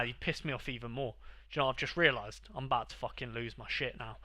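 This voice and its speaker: A young man chats casually with his livestream audience. His voice is bright and forceful, the sound dry and close. He talks in mock-exasperated bursts, swearing freely as he bickers with viewers. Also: mid-range voice, fast, dry recording. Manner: exasperated, sweary banter with chat. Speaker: livestream host.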